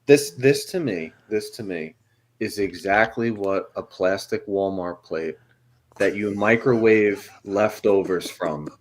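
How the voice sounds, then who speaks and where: A man's voice: lowish voice, slow, a little hiss or hum. A man co-hosting a casual chat, telling stories with plenty of swearing and laughter. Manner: storytelling, profane, laughing. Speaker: co-host. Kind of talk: casual food chat on a show.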